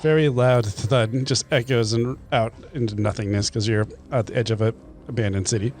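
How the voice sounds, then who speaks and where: A man narrating a tabletop game as game master, in a relaxed, loose manner. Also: mid-range voice, moderate pace.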